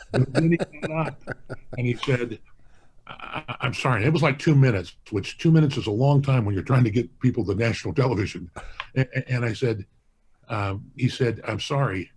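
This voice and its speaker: A man's voice: fairly low pitch, a little mellow, a little hiss or hum. Earnest man telling long stories. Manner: earnest, rambling, often restarting phrases. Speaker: hall of fame president, guest. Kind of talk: casual interview storytelling.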